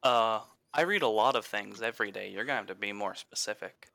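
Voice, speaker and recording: A man's voice: lowish voice, fairly quick, vocal fry, pushed and bright, dry recording. A man chatting casually as a guest, boastful and teasing, swearing often. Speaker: podcast guest. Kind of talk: casual chat.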